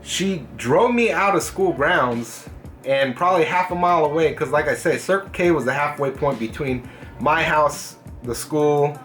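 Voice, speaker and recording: A young man hosting a vlog, casually telling a story from school, swearing freely and animated. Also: fairly high pitch, moderate pace, soft background music. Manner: profane, animated, puts on voices in quotes. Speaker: gaming channel host.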